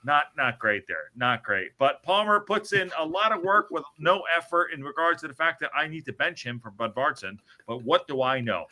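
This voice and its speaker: A man with a very bright, fairly high voice calls the action like a fan behind the mic. His play-by-play is excitable and joking, with the odd swear word thrown in. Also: normal speed, hardly any pauses. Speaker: podcast host. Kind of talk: casual match commentary.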